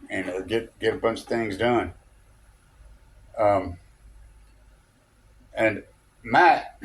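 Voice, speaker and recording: A man telling a rambling personal story, chuckling often and checking in with "okay?". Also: fairly low pitch. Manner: chuckling, loose and digressive, peppered with "okay?" and "uh".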